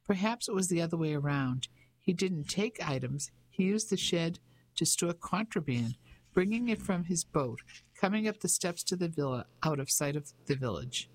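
Steady audiobook narrator. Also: medium pitch, moderate pace, rough recording. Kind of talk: scripted narration.

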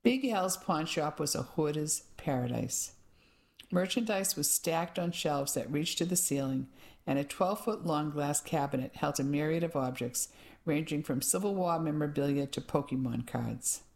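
A woman narrating a first-person audiobook in an even, measured way. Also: low-pitched.

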